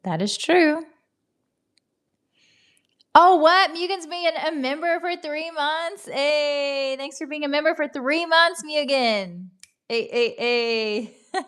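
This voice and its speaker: A woman's voice: high-pitched, measured pace, hardly any pauses, a bit bright. A young adult woman hosting a livestream, chatting casually, reading out viewer comments and thanking them with giggles. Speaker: livestream host.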